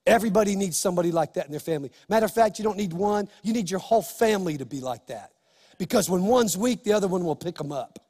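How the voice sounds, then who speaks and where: A male pastor preaching an impassioned sermon, building to shouts. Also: high voice, lively intonation, quick pace, long reverb tail.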